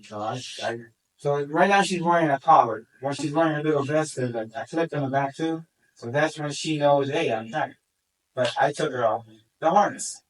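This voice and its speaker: A man who handles a search dog tells the story at a community meeting, excitedly acting out what he said. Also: a little high, normal speed. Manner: excited, acts out his own quoted remarks. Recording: distant from the mic.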